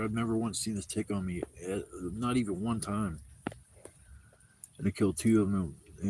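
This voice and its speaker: A man's voice: on the low side, darkish tone. A man livestreaming from his outdoor campsite, telling rambling, profanity-laced stories in a casual way. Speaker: camping livestreamer.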